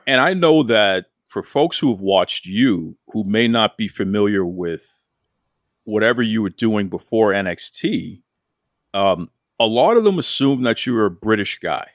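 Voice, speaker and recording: Upbeat interviewer with a dry voice. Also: male voice, on the low side, animated, unhurried, dry recording. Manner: upbeat, playful questioning. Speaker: podcast host.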